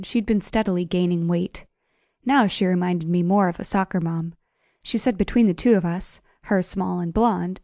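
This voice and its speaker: A woman's voice: mid-range voice, warm tone, dry recording. A woman narrating a first-person audiobook in a wry, conversational manner, close to the mic. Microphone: close studio mic.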